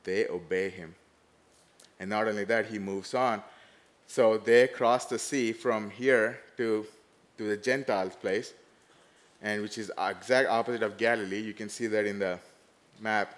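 A man preaching a sermon, animated, rising loud and dropping to hushed tones as he acts out the story. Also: fairly low pitch, unhurried.

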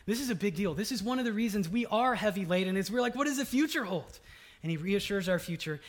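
Lively, conversational man preaching. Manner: dynamic, swings from loud emphatic to soft and low; conversational with fillers and asides. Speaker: pastor. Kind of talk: sermon.

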